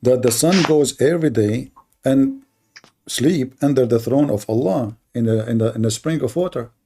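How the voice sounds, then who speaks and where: A man's voice: mid-range voice, moderate pace, warm tone, husky. A man hosting a live call-in debate, sarcastic, mocking and combative. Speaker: host of a live debate stream.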